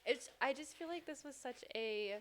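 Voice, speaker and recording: A woman's voice: high-pitched, lively intonation, moderate pace, fairly bright tone, a little hiss or hum. Chatty woman podcast co-host. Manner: chatty, many "like" fillers, laughs often. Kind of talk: casual book discussion.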